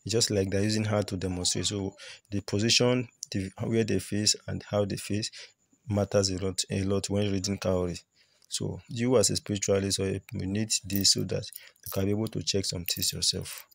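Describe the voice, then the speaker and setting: A man's voice: deep voice, little pitch movement, moderate pace, gravelly, no room sound. A man teaching cowrie shell reading, explaining with repetition as he points out each shell. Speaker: spiritual teacher.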